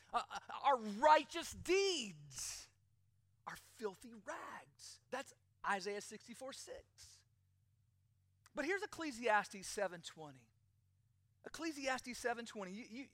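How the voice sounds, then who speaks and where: A pastor preaches in an emphatic, rising and falling delivery. His voice is bright and forward. The sound is dry, with almost no room echo. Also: high voice. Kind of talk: sermon.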